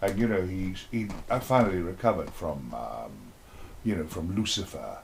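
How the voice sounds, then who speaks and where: A man's voice: low voice, animated, normal speed, vocal fry, slight background noise. An older man being interviewed, telling rambling, playful stories with sudden dramatic outbursts. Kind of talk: casual interview chat.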